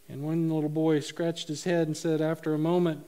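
A man's voice: a little high, moderate pace, hardly any pauses, darkish tone. A middle-aged man preaching a sermon, telling funny stories and laughing at his own jokes. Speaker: pastor.

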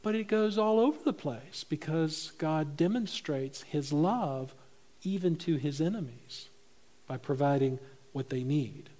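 High-voiced, animated male pastor. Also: a little slow. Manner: animated, swinging between loud emphasis and soft low asides. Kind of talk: sermon. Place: church.

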